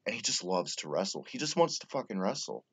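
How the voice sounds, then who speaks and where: A man hosting a casual podcast, talking in an animated way and swearing freely. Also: deep voice, fast, breathy edge. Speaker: podcast host. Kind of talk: casual wrestling podcast chat. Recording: dull lo-fi audio.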